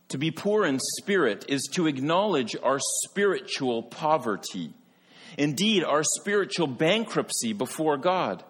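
A man preaching a sermon in an earnest way, rising to emphatic peaks and then dropping soft. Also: medium pitch, husky, in a large hall. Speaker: pastor.

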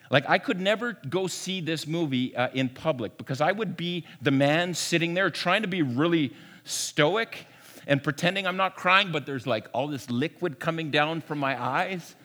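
A male pastor preaching an Easter sermon, swinging from hushed to emphatic and often repeating words, in a church sanctuary. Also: on the high side, moderate pace. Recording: long reverb of a large room.

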